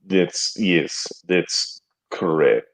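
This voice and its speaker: A man playing a hesitant, deadpan Russian suitor with a put-on Russian accent in an improv comedy scene. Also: sits low, drawn-out words, heavily acted.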